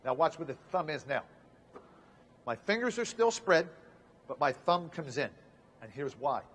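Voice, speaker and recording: A man's voice: fairly high pitch, sing-song, a little slow, fairly bright tone. A man coaching basketball players through a shooting demonstration, talking emphatically in short repeated commands on an indoor court. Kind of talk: instructional demonstration. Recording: long reverb of a gym.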